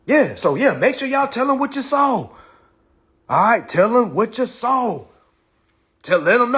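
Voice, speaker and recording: A man's voice: high voice, animated, moderate pace, a bit bright, breathy edge. A man hosting a casual phone livestream, talking in a boastful, repetitive, profane way. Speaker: livestream host.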